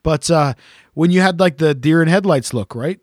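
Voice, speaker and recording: A man's voice: a little high, moderate pace, no echo, clean studio sound. A man hosting a casual chat, telling a teasing, swear-filled story about a gig he sang at. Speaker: podcast host and gigging singer.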